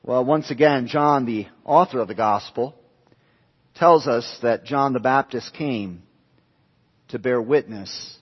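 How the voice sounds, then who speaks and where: A man's voice: mid-range voice, slightly rough. A man preaching an expository sermon, emphatic, repeating key phrases for stress. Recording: dull lo-fi sound with long hall reverb.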